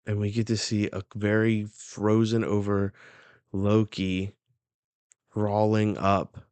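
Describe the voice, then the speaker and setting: A man's voice: fairly low pitch, completely flat delivery, takes it slowly, a little mellow, smooth, dry recording. A man hosting a live stream, chatting casually as he reacts while reading a manga aloud, loose and prone to swearing.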